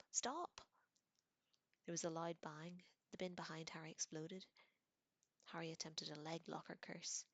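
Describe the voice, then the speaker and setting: A woman reading a novel aloud dramatically, dropping into hushed whispers for tense passages. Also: low voice, dry recording. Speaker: reader.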